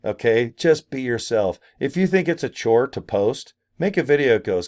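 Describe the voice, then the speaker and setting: A man's voice: medium pitch, lively intonation, normal speed, a little mellow. An older man vlogging a casual promotional rant, goofy and crude, full of exaggerated asides and silly put-on voices. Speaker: marketing vlogger.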